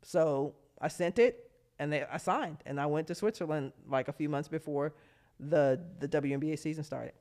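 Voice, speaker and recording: A woman in her fifties, a former pro basketball player, telling her story in a casual interview, animated and laughing often, acting out the voices of people she quotes. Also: sits low, normal speed. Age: 50s.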